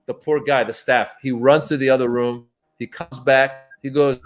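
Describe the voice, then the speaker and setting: A man's voice: medium pitch, moderate pace, hardly any pauses. A man, a stand-up comedian, telling anecdotes in a casual interview and acting out voices as he goes. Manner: animated, acts out voices in his anecdotes.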